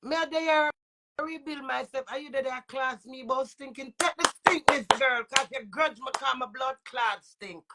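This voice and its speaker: A woman's voice: sits high, normal speed, very noisy. A woman with a Jamaican accent and a runny nose, ranting in heated, profane patois. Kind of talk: angry rant to camera.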